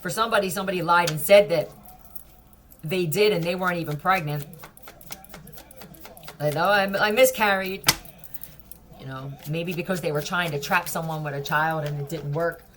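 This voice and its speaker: A woman's voice: low-pitched, steady tone, normal speed, long pauses, slight background noise. A woman giving a casual tarot reading, blunt, profane and mocking. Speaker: tarot reader.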